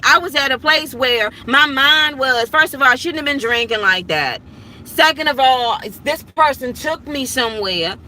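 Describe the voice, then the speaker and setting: Animated bright-voiced woman telling a story. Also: high voice, a little hiss or hum, poor audio. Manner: animated, vivid retelling with acted-out quotes. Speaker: vlogger telling a personal story. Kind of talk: candid storytelling to the audience.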